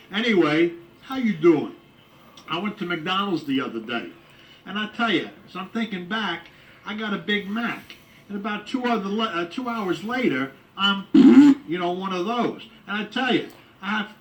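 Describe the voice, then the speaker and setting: High, lively man doing brash comic monologue. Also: distant mic, low-quality recording. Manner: brash, rambling joke-teller with groans and asides. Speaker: comedian.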